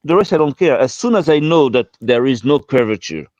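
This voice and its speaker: Halting man with a slightly dull sound. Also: medium pitch, animated, a little mellow. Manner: hesitant, repeats words, many fillers. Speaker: debate participant. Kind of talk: casual online debate.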